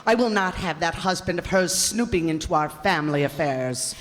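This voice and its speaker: An actress playing a domineering older aunt who gives cold, clipped orders in an old-time radio drama. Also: female voice, lowish voice, lively intonation, moderate pace, big-room sound, soft background music, close to an everyday voice. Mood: commanding. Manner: imperious, clipped.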